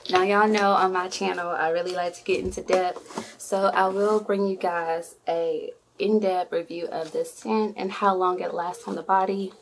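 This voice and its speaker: A woman's voice: lowish voice, fairly even intonation, normal speed, slight background noise. A woman vlogging an unboxing, chatty and effusive, often squealing with delight. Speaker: beauty vlogger. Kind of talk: excited unboxing vlog.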